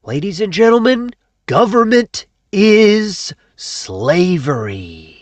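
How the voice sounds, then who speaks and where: A man's voice: high-pitched, sing-song, takes it slowly, no echo, full character voice. A man impersonating an exasperated anarchist speaker who scolds his audience and swears freely. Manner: scolding, profane, repeats "okay" and "folks". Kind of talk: comedic impression.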